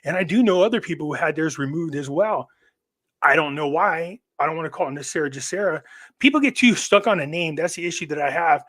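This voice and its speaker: A man's voice: on the high side, expressive, quick pace, fairly bright tone. A man who is a guest on a live online show, telling long stories in a rambling way and often restarting his sentences. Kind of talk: casual chat.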